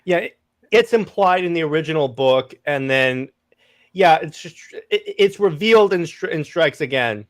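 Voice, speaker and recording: A man hosting a casual comics discussion, animated and often restarting his phrases. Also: on the high side, normal speed, no echo, clean studio sound. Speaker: podcast host. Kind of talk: casual chat.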